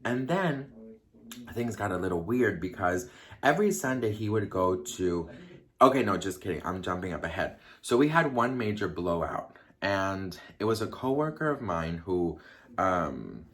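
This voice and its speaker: A young man tells a personal story straight to his viewers in a chatty, confiding way, full of fillers and asides. His voice sits a little low for a man. He keeps it casual and conversational throughout. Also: a bit bright. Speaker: vlogger.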